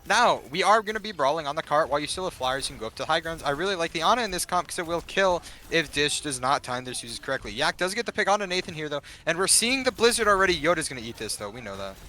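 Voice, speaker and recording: A man casting and analysing a live esports match, animated and talking straight to the chat. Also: on the high side, a little hiss or hum. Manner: rapid, animated, talks to the chat. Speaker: esports caster.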